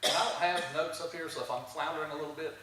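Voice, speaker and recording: A man speaking from the front of a church, telling stories in a chatty testimony with plenty of restarts and little chuckles. His voice is bright and forward, picked up from a distance in a very echoey sanctuary with a faint hiss underneath. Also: on the high side, steady tone, very fast. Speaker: guest speaker at a church service. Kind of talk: conversational testimony storytelling.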